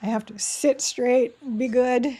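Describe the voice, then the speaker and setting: A woman's voice: a little high, fairly even intonation, unhurried, dark tone. A young adult woman streaming a game live, chatting casually, giggling and reading chat aloud.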